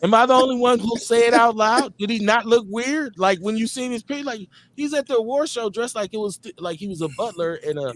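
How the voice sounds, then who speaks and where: A man's voice: very high voice, fairly quick, few pauses, a bit bright, slight background noise. A man hosting a live talk show, joking, streetwise and profane in casual banter. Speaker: host.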